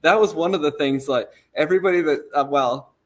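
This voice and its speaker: A man's voice: a little high, a little fast. A man casually walking a podcast audience through photos of a trailer, easygoing and rambling, with many ums and restarts. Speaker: trailer company representative.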